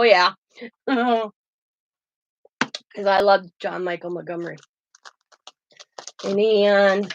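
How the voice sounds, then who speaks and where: This craft vlogger's voice sits fairly high, and the audio is muffled with no room sound. In a casual show-and-tell, she rambles chattily through stories about her keepsakes, laughing as she goes.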